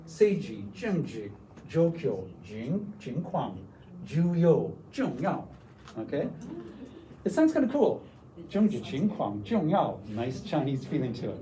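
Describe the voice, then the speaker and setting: A man giving a lively teacher workshop, demonstrating foreign words and sounding them out for the room. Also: mid-range voice, measured pace, far from the mic, a little hiss or hum, rough recording. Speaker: workshop presenter. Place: lecture room.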